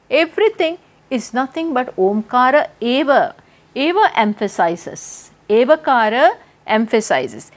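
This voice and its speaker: An Indian woman teaching scripture, speaking slowly and deliberately and answering her own questions as she explains. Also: a little high, big pitch swings. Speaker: spiritual teacher. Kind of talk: scripture lecture with chanting. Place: home in Massachusetts.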